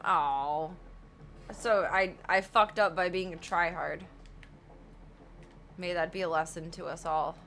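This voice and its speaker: Bright lady gaming on stream, rambling and cursing, little bit of background hiss. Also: on the low side. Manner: chatty, swears, bursts into laughing shrieks. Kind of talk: casual gameplay chat.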